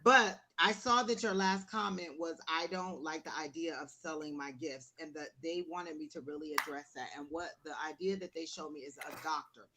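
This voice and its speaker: A woman's voice: sits low, moderate pace, few pauses, fairly bright tone. A woman reading tarot on a livestream, explaining her points in a conversational way with everyday examples. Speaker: tarot reader, co-host. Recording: noisy livestream audio.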